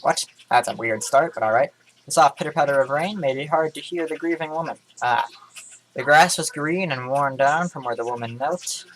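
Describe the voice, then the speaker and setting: A man's voice: on the high side, moderate pace, fairly bright tone, slight background noise, rough recording. A tired young man casually reading a story aloud from his webcam, with sarcastic asides and stumbles over words. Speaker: gaming vlogger. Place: indoor room.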